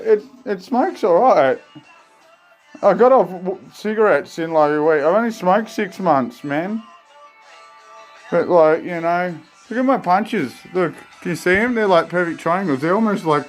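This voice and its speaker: Male vlogger, high voice, rambling and jumpy, phone mic. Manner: rambling, jumpy, talks straight to his viewers. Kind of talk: rambling casual phone vlog.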